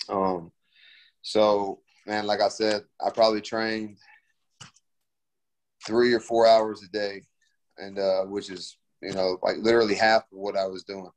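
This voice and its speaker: A man's voice: on the low side, fairly even intonation, moderate pace. A young man, a fighter, answering interview questions in a laid-back, slangy way full of fillers.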